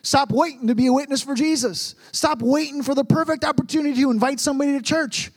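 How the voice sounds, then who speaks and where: High-voiced young pastor preaching. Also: male voice, quick pace. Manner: earnest, storytelling, repeats words for emphasis. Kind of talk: sermon.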